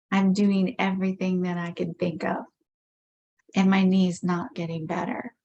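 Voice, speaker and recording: A woman leading a tapping session, speaking slow repeated affirmations about her frustration. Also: mid-range voice. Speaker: EFT tapping practitioner. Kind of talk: guided tapping script, slow repeated phrases.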